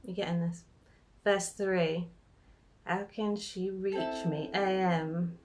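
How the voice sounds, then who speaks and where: A woman's voice: fairly low pitch, fairly even intonation, slow pace, over music. A woman giving a casual ukulele chord tutorial, chatting, joking at her own mistakes and singing lines of the song as she plays. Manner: chatty, self-deprecating, breaks into sung lines. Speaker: ukulele teacher. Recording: ukulele strummed behind voice.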